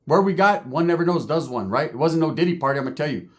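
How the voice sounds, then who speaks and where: A man telling a story in a casual, animated and profane streetwise way. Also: fairly high pitch, fast talker.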